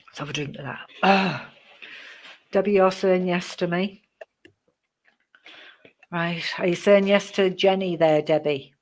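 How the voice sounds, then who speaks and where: A woman giving psychic readings on a live stream, chatty and rambling, greeting viewers by name, with many pauses and "um"s. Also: on the low side. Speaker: psychic reader.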